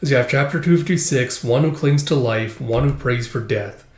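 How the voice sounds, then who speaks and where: A man's voice: mid-range voice, normal speed. Male host, laid-back read-along commentary, filler-heavy, roomy sound. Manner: casual, filler-heavy narration. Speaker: manga reader and commentator. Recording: roomy echo.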